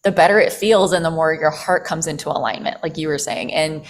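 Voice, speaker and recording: Podcast guest, female, lower-pitched, chatty storyteller with lots of "like" and casual swearing. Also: fairly quick. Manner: animated, frequent "like" fillers, swears casually.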